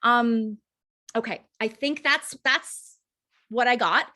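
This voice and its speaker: A fairly high-voiced woman coaching her sales team over a video call. She talks casually and with conviction, sprinkling in fillers and hammering points home with repeats. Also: slow pace, sharp tone. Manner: fired-up, chatty, many "like" fillers, emphatic repeats. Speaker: direct sales team leader training recruits.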